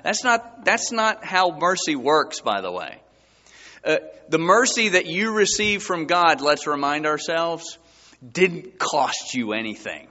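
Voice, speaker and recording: A man preaches a sermon, his fairly high, bright voice leaping up and shouting for emphasis before dropping low. He sounds like a pastor in a church hall, with a long reverb trailing his words. The recording is a little dull and muffled. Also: unhurried. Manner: animated preaching, voice surging high and loud for emphasis.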